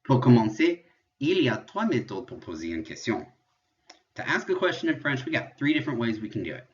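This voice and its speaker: A man teaches a virtual French lesson in a classroom-style lecture, explaining step by step and switching between English and French. His mid-range voice is very animated and brisk, though the audio sounds dull.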